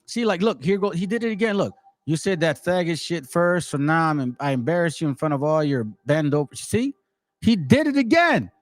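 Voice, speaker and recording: A man in his forties hosts his channel in a heated, mocking rant full of slang. His voice sits a bit high for a man. The sound is dry and close, with no room around it. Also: expressive, normal speed, no echo. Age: 40s. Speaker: channel host.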